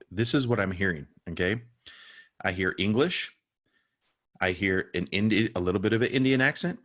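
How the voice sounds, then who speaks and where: Enthusiastic low-voiced male podcast host. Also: a bit bright. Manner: friendly, enthusiastic, says "dude". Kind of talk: casual interview chat.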